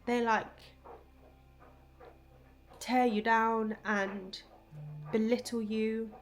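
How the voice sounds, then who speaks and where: A young woman chatting casually in a home vlog, animated and emotional, full of fillers. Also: on the high side, drawn-out words, faint music behind. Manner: animated, emotional, lots of fillers like "like" and "I don't know". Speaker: vlogger. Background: washing machine running.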